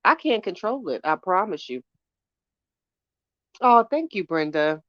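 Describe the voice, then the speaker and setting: A woman hosting a casual live stream, hoarse from a chest cold, chatting with viewers and greeting them by name. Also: mid-range voice, very animated, a little slow, fairly bright tone, no echo, lo-fi sound. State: hoarse from bronchitis. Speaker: podcast host doing a live stream. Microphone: phone.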